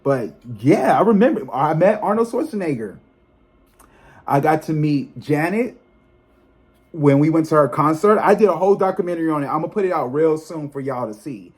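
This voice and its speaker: A man's voice: fairly high pitch, moderate pace, slightly rough. A man in his thirties hosting his own video channel, chatting casually with viewers and breaking into emphatic, profanity-laced rants. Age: 30s. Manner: animated, emphatic ranting with frequent profanity; chatty, addresses viewers directly as y'all. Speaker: psychic tarot reader and channel host. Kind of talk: casual vlog talk to viewers.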